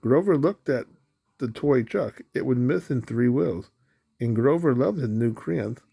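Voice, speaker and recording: A man reading a children's picture book aloud at a slow, even pace. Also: medium pitch, vocal fry, slightly rough. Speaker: storybook reader.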